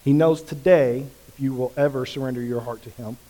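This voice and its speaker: A man preaching a sermon as pastor, with passionate emphasis that swings from quiet to loud. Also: medium pitch, fairly even intonation, brisk. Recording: long reverb of a large hall.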